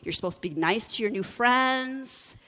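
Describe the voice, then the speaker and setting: A woman's voice: a little high, animated, moderate pace, sharp tone, in a large hall. A woman preaching a sermon, mixing scripture reading with casual, joking asides. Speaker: pastor.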